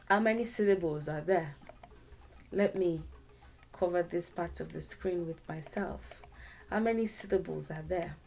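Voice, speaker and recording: A woman's voice: on the low side, darkish tone. A woman teaching a beginners' language lesson online, patiently repeating syllables and tones many times.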